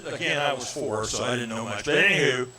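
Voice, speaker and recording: A man's voice: medium pitch, a little fast, crowd noise. A man in his sixties from Indiana, a comedian telling a story on a radio talk show and acting out the dialogue. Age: 60s. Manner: animated comic storyteller, acts out dialogue. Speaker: comedian guest.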